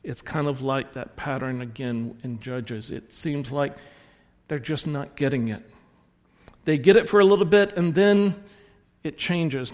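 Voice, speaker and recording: A man with a Southern American accent preaching a sermon, telling stories and correcting himself as he goes. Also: fairly high pitch. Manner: rambling storyteller, self-correcting with restarts. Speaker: pastor. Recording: long hall reverb.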